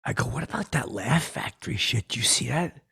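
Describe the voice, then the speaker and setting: A rough, gravelly, very raspy voice carries this washed-up middle-aged comic, as a man puts him on in a podcast monologue. He rambles in loose, tactless asides. His boasting keeps tipping over into sentiment. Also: mid-range voice, expressive, brisk, pushed and bright, exaggerated voice. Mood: rambling. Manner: rambling, rough-spoken, tactless, lurching between bravado and sentiment. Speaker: podcast host.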